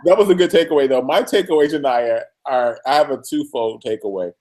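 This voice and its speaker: A man with a voice of ordinary pitch co-hosts a TV recap show. He talks in an animated way and laughs easily while he chats with his partner. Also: fairly quick. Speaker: podcast co-host. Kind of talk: casual TV recap chat.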